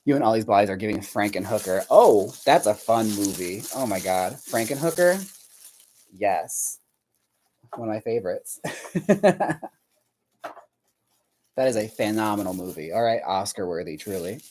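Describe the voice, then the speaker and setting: A man's voice: on the low side, expressive, normal speed, pauses often, a little mellow, a little hiss or hum. A man hosting a livestream, chatting with viewers while he paints dolls, chatty and profane, laughing often and rambling as he tries to recall things. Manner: rambling, searches memory aloud. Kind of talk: casual chat with viewers while crafting.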